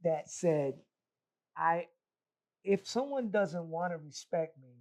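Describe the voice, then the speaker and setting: Podcast host guy, bit high-voiced, keeps agreeing and repeating what the guest says. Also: expressive, takes it slowly, a little mellow. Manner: affirming, echoes the guest's words. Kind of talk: casual interview chat.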